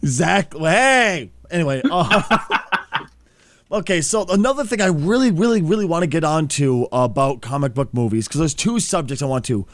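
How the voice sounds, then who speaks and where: An excitable, jokey American man co-hosting a casual podcast chat and laughing often. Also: fairly high pitch, normal speed, dry recording. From United States. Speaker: podcast co-host.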